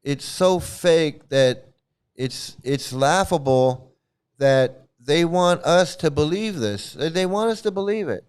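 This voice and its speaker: Smooth-voiced man, rambling blunt commentary. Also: fairly high pitch, expressive, slow pace, a little mellow. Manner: rambling, repeats and restarts words; blunt and profane. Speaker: commentary channel host.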